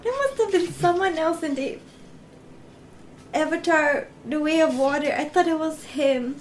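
A woman's voice: high-pitched, unhurried, a little hiss or hum. A young woman hosting a movie reaction, chatting emotionally and laughing often. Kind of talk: casual reaction commentary.

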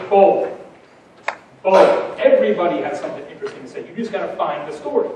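A man giving a conference keynote, punchy and energetic, full of rhetorical questions. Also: high voice, quick pace, very echoey, recorded from a distance, slight background noise, poor audio. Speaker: keynote speaker. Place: large conference hall.

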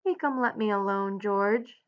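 A woman reading aloud, voicing a big gentle man who is frightened and childlike, with high pleading cries. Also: measured pace, highs cut off, lightly acted. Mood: terrified.

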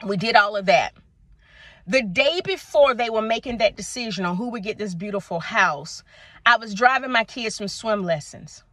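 A middle-aged woman, telling her faith testimony to viewers in an animated, preacher-like way and calling them y'all. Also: mid-range voice, moderate pace, dry recording. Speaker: vlogger sharing a faith testimony. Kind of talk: casual testimony talk to viewers. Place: outdoors at sunset.

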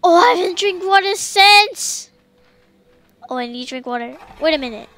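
A woman giving casual let's-play commentary, talking to herself and to the creatures on screen, and yelling commands at the game when things heat up. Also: very high voice, normal speed. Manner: excitable, yells commands at the game. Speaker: gamer streamer.

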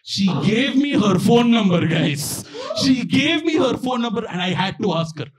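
A man's voice: very high voice, normal speed, over a noisy crowd, low-quality recording. A young man performing a stand-up set, telling a story and acting out the people in it. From India. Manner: animated storytelling, acting out quoted voices. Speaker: stand-up comedian. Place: small outdoor backyard venue with live audience.

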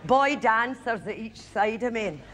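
A woman's voice: a little high, measured pace, heavy background noise. Woman telling stage stories. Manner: chatty, confiding with the audience. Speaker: stage comedian. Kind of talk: stand-up storytelling. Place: large theatre stage. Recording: live theatre, audience laughter, band music.

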